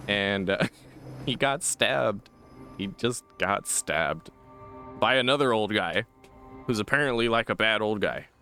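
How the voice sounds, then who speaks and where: A man's voice: lowish voice, animated, a little slow, long pauses, sharp tone, soft background music. A man hosting a let's-play, joking, rambling and swearing casually through commentary.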